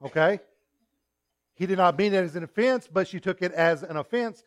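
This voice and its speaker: A male pastor delivers a sermon as a series of everyday stories, frequently breaking off with asides to the congregation. His fairly high voice for a man moves at a moderate pace, swinging between punchy emphasis and quiet remarks in a conversational, storytelling manner.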